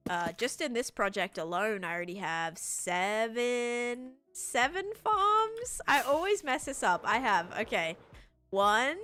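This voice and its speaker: A young Australian woman with a bright, forceful, medium-pitched voice chats casually on a live stream. She reads and responds to chat while building in a game.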